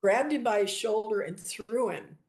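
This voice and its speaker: Woman guest, gravelly voice, lively storyteller who acts out quoted people. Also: mid-range voice, moderate pace. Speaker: guest, shop owner. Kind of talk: storytelling interview.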